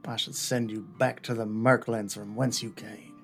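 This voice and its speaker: A man playing his tabletop character, gruff and grumbling in old-fashioned speech, with faint guitar music behind. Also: lowish voice, little pitch movement, normal speed. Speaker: player voicing a grumpy adventurer. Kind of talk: in-character tabletop role-play.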